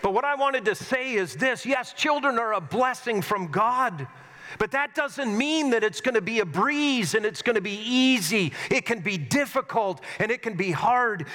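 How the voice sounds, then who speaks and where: Preaching in a church sanctuary, a middle-aged male pastor shares stories with earnest sincerity and self-mocking humor. He has a high, bright, forceful voice, and long hall reverb trails after his words.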